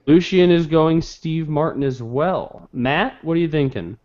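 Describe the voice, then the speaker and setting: A man's voice: a little high, unhurried, a little mellow. A man hosting a casual online game show, with a slightly raised voice. He teases the players and tallies the points as he goes. The audio is muffled, like a lo-fi web call. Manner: joking, running the scores.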